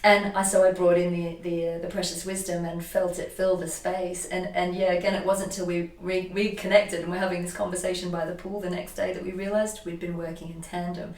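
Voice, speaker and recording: A woman energy healer telling a personal story in an animated, emotional way, often restarting her sentences. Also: on the low side, brisk, hardly any pauses. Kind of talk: casual conversation, personal storytelling. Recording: echoey room, voice from a distance.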